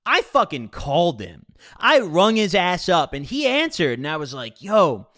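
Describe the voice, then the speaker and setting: A man casually telling a personal story in a profane, slangy, animated way. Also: high voice, normal speed.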